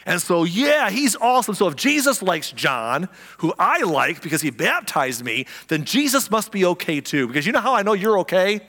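A man voicing an eager adult churchgoer who gushes excitedly with self-assurance. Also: high-pitched, moderate pace, hardly any pauses, big-room sound, exaggerated voice. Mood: gushing.

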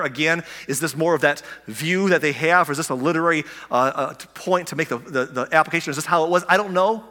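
A man preaching a sermon in a church, eager and excitable, often restarting his words and asking the listeners rhetorical questions. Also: fairly high pitch, quick pace. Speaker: pastor. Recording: long hall reverb.

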